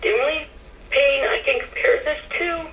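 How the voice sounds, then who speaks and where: A woman's voice: high voice, fairly even intonation, moderate pace, fairly bright tone, recorded from a distance, a little hiss or hum. A woman in her forties calling a radio show, gushing and fighting back tears. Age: 40s. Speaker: caller. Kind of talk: emotional radio call-in. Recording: muffled phone line from afar.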